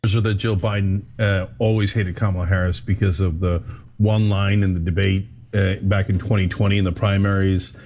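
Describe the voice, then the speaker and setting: A man hosting a political talk show, mocking opponents with sarcastic, lively delivery. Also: low-pitched, moderate pace. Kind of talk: political commentary.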